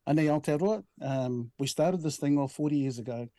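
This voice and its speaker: A man's voice: fairly high pitch, brisk, warm tone, no echo. A man in his sixties with a New Zealand accent, the head of a language commission, telling stories in an easygoing interview. He often restarts his sentences and drops in "bro" and "right?". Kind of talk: relaxed conversational interview.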